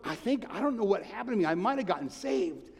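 A man's voice: sits high, big pitch swings, fast, breathy edge, exaggerated voice. A man voicing a sweet, easygoing Southern man in a mild, polite manner. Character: sweet laid-back Southern man, adult. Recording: long hall reverb.

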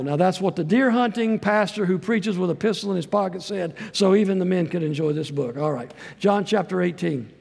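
Gravelly man preaching in a reverberant hall. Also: high-pitched, a little fast, few pauses, darkish tone. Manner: folksy, rambling storytelling with self-deprecating asides. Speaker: guest preacher and missionary. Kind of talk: sermon. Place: church sanctuary. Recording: long reverb of a church hall.

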